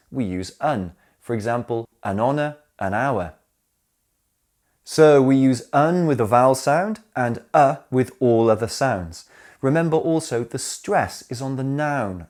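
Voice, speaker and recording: Man calmly explaining English grammar. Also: medium pitch. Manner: clear, deliberate explanations with spoken examples. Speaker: English teacher. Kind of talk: scripted grammar lesson narration.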